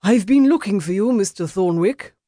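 A woman voicing a pompous, testy gentleman emissary who speaks haughtily and sounds out of breath. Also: medium pitch, moderate pace, no room sound, clean studio sound, voice pushed up, lightly acted. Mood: huffy, haughty.

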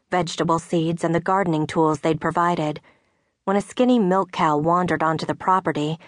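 A woman narrating an audiobook in a measured, soft-spoken way. Her voice sits slightly low for a woman. The studio recording is dry and close. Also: no echo. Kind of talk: scripted narration. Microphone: studio mic.

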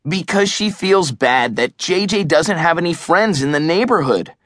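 A male narrator plays a sensible boy who has run out of patience, for a storybook. He pitches up above his own voice with lively ups and downs. The sound is close and dry. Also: moderate pace, dry recording. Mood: exasperated. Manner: exasperated, matter-of-fact. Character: level-headed boy, impatient and sarcastic. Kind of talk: audiobook character voice.

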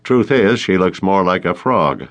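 A man's voice: sits low, lively intonation, a little slow, fairly bright tone, exaggerated voice. Storybook college guy, cocky and smug, read by a male narrator. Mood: joking. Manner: smug, joking.

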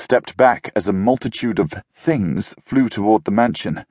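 A man narrating a children's novel, in a slow, measured reading. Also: lowish voice, lively intonation, a little mellow, no room sound. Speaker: audiobook narrator.

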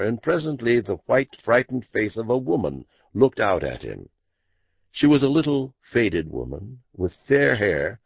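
Gravelly male audiobook narrator. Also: lowish voice, dry recording. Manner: measured, expressive storytelling. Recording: dull dry lo-fi audiobook recording.

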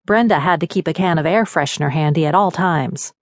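A woman narrating an audiobook in a measured, wry manner from a studio. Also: low voice, dry recording. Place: recording studio.

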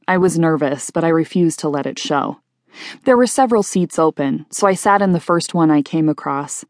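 A woman reads a first-person novel aloud in a plain, steady storytelling way. Her voice sits notably low for a woman, and the recording is dry and close. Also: moderate pace, no room sound. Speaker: audiobook narrator. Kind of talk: first-person audiobook narration.

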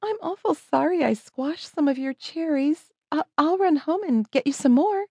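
A woman voicing an excitable twelve-year-old girl who shrieks when scared and stammers when nervous. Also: sits high, normal speed, no echo, voice pushed up. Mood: sheepish. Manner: screaming, then stammering and apologetic.

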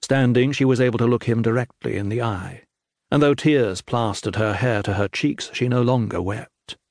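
A man narrating an epic fantasy audiobook in a measured, grave manner. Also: medium pitch, a little mellow, no room sound, clean studio sound. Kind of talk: scripted narration.

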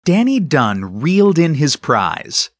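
A man narrating a children's audiobook with a lively, storytelling delivery and a husky voice. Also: fairly high pitch, slow pace, dry recording. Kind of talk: scripted narration.

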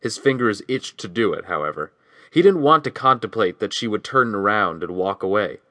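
A man giving steady scripted audiobook narration, reading a novel and voicing its dialogue quietly. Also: lowish voice, normal speed, no echo.

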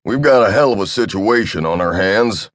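A man's voice: on the low side, expressive, moderate pace, fairly bright tone, dry recording, studio quality. A man voicing a blunt military general who talks in short, clipped bursts. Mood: gruff, pushy.

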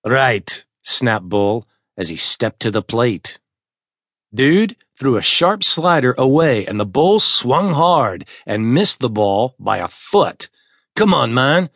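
Dry, measured male audiobook narrator. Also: mid-range voice, sing-song, a bit bright, slightly rough, dry recording. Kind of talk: first-person audiobook narration.

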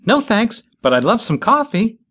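A male narrator voicing an anxious young woman who whines and pleads in a high, squeaky voice. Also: sing-song, moderate pace, a bit bright, heavily acted. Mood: distressed. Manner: whiny, high-pitched pleading.

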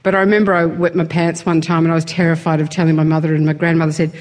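A woman's voice: deep voice, level tone, racing, few pauses, background noise. A woman guest in a casual interview, chatty and self-deprecating, laughing often as she talks.

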